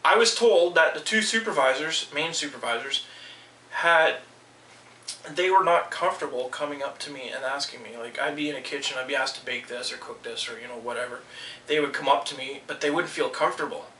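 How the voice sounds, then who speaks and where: Heated man ranting, bright echoey sound. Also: medium pitch, fairly quick, far from the mic. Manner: heated, swearing, quotes people in raised voices. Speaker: vlogger. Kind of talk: angry personal rant.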